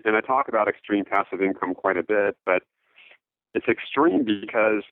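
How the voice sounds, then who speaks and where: A man's voice: lowish voice, dry recording. Man on a tinny phone line. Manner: halting, many fillers and restarts. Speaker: interview guest, note investor. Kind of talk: casual interview talk.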